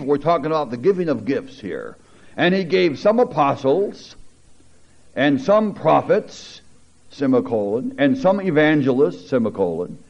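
A man preaching a sermon, reading scripture aloud with teacherly asides and building to emphatic, animated peaks. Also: mid-range voice. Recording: dull lo-fi recording.

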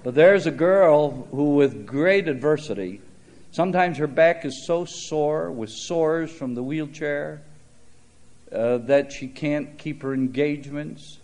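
A man's voice: fairly high pitch, takes it slowly, a little mellow. An older man preaching a sermon, telling stories in a conversational way with frequent "uh" fillers. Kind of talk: sermon with storytelling.

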